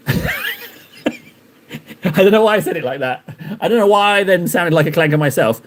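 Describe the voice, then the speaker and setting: A man's voice: a little high, animated, moderate pace, pauses often. A man chatting casually on a live stream while painting miniatures, rambling and joking at his own expense. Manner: rambling, joking, self-mocking.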